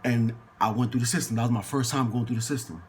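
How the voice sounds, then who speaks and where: Talking quickly in a medium-pitched voice, a man spins a laid-back yarn full of slang and swearing, jumping into animated impressions of whoever he's quoting. There's slight background noise.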